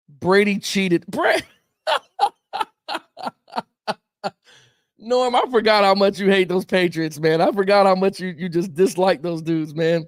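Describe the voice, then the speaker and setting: A man's voice: high-pitched, expressive, unhurried, long pauses, no echo, studio quality. A man hosting a casual sports talk show, rambling and reacting to viewer comments with chuckles, peppering his talk with "man" and "bro".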